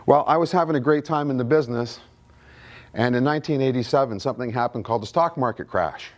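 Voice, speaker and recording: A man's voice: mid-range voice, fast talker. Man in his sixties telling stories. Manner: anecdotal, acts out both sides of remembered conversations; quizzes the audience with show-of-hands questions. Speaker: guest speaker at an investing conference. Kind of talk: seminar storytelling talk. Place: indoor conference room.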